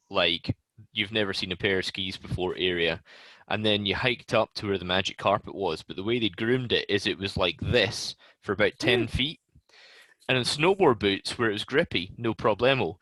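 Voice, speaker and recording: Animated man venting about teaching. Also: fairly low pitch, no room sound, low-quality recording. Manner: animated storytelling, laughs at own frustration. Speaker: ski and snowboard instructor. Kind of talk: casual chat on a video call.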